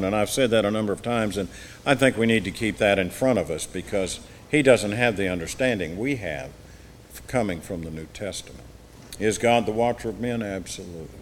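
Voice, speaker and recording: A man's voice: fairly low pitch, normal speed, big-room sound, slight background noise. A man teaching an evening Bible class, reading scripture aloud with rising emphasis and then explaining it plainly.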